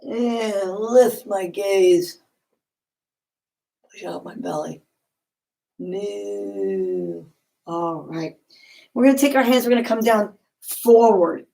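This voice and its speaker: A woman talks a class through yoga poses one cue at a time, calm and encouraging. Her voice sits a little on the high side. She keeps a steady, guiding tone as she instructs. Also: poor audio. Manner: calm and encouraging, step-by-step cues.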